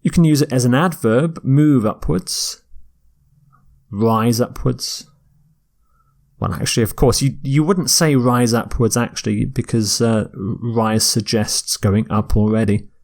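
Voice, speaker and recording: Slow, deliberate male English teacher. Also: medium pitch, a little mellow. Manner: slow, deliberate, with self-corrections. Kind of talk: vocabulary lecture.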